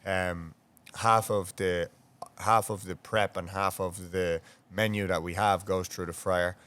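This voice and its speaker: A man's voice: low voice, steady tone, unhurried, a bit bright. An Irish man co-hosting a podcast, chatting casually and eagerly setting up stories.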